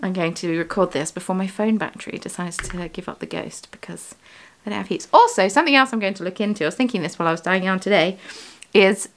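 A woman's voice: mid-range voice, fast talker, few pauses. A British woman, the host of a crafting vlog, chatting casually from her home studio, rambling and correcting herself as she goes. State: has the hiccups. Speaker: yarn dyer and vlogger.

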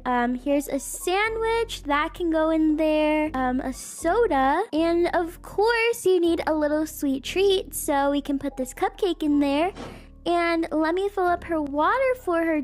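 A woman voicing a friendly, helpful young babysitter in a toy roleplay game. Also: very high-pitched. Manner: breezy, reassuring.

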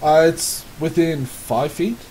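A man running a tabletop game as game master, laughing often and filling pauses with "like" and "uh". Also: on the high side, mellow, slight background noise, rough recording. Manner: laughs often, many fillers.

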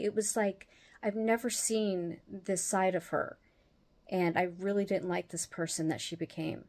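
A woman hosting her own show, telling a personal story in a casual, animated way and laughing as she goes. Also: medium pitch. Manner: animated, acts out the other people's lines as she retells them; laughs often while telling. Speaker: host.

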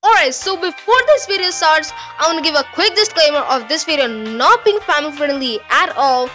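High-voiced woman, horror game commentary, jumpy, cusses a lot, soft music behind. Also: animated, normal speed. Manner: swears a lot, jumpy and rambling. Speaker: gaming channel host.

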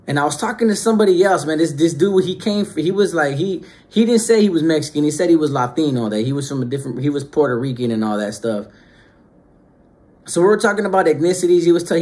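Telling stories about growing up, this Northern Californian man speaks to camera in a higher voice full of street slang. He shifts from hushed asides to loud bursts.

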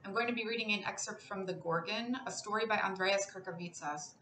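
A woman reads a literary story aloud in a measured, expressive way, her voice bright and clear. The sound is roomy, a little distant from the mic, with a faint hiss behind. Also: mid-range voice. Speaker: classics professor reading aloud. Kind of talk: literary reading.

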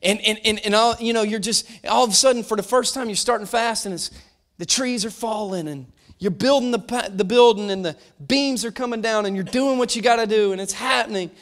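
A pastor with a high voice preaches fairly quickly, lively and animated, shouting at the peaks and sinking to a hush. He often restarts phrases and acts out different voices.

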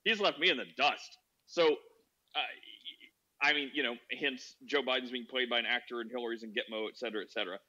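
Telling a lengthy story casually on a podcast, a man wanders off track and leans heavily on "like." He speaks fairly quickly in a mid-range voice with a bright, forceful tone, recorded in dull lo-fi quality.

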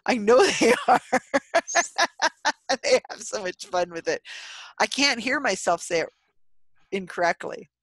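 A woman's voice: on the high side, takes it slowly, long pauses, no room sound. A woman from California with children, telling stories in a casual video-call chat and laughing often. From California, USA. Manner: laughs often, animated storytelling.

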